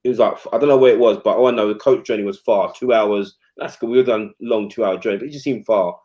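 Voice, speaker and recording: A man tells stories from his playing days in a loose, animated way. He acts out other people's lines and piles on fillers. The sound is dull and a little lo-fi. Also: lowish voice, fast. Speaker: former footballer guest. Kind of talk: casual storytelling chat.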